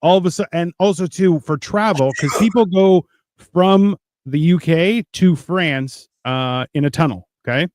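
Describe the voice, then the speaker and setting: A man's voice: on the high side, moderate pace, a little mellow, dry recording. A man on a podcast, ranting in a casual, profane way and mocking others in put-on voices. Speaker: podcast co-host.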